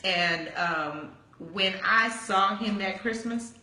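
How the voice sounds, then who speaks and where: A woman pastor in her forties shares her personal testimony conversationally, animatedly acting out the quoted dialogue as she tells it. Her voice is medium in pitch, she speaks slowly, and the recording carries a roomy echo.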